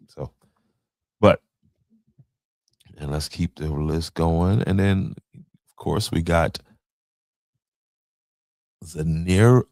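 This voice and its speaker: Male podcast host, low gravelly voice, dry close sound, casual slangy commentary. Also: no room sound. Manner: loose slangy storytelling, stumbling over names.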